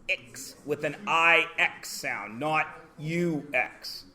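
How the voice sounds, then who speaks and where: Canadian male math teacher, slightly high voice, chatty question-and-answer classroom patter. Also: lively intonation, takes it slowly, few pauses, pushed and bright.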